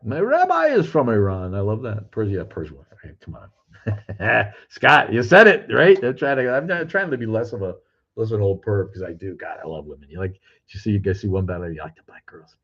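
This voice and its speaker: Low husky older man streaming. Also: very animated, brisk, lo-fi sound. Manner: rambling, profane and blunt. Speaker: livestream host. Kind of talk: casual livestream chat, reading comments aloud. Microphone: streaming cameras.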